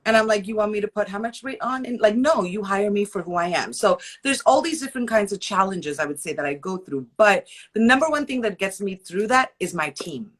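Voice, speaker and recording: A woman guest in a casual interview, talking in an animated, slangy way and telling stories with playful quoted voices. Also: medium pitch, brisk. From half Indian, half Sudanese heritage. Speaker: interview guest, curve model and actor.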